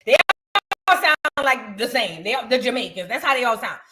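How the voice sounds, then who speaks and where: A woman, co-hosting a chat show and telling stories in an animated, slangy way. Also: fairly high pitch, brisk, very noisy. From United States. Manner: animated, slangy, repeats phrases for emphasis. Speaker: podcast co-host. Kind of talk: casual storytelling chat.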